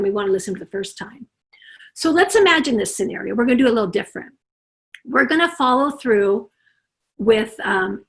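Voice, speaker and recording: A middle-aged woman with a high-pitched voice speaks over a video call as a parenting consultant. She talks with animation and slips into the voices of parents and children as she gives her examples. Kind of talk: summit talk on parenting.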